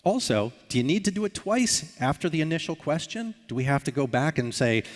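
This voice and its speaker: A man's voice: a little high, expressive, brisk, hardly any pauses. A man giving a conference talk, explaining and acting out short sample dialogues. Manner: explanatory, acts out sample dialogues with filler sounds. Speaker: conference speaker. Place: conference hall. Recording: hall reverb.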